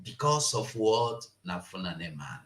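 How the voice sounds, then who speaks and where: A man's voice: fairly low pitch, very animated, unhurried, fairly bright tone. A man with a Nigerian accent giving impassioned political commentary, switching into Pidgin and laughing as he talks. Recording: roomy echo.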